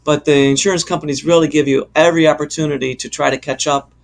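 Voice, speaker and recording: Male advisor voice with some fry, pitched a bit high, explaining patiently. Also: steady tone. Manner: measured, hesitant, with fillers. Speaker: insurance expert co-host. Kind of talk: explanatory casual chat.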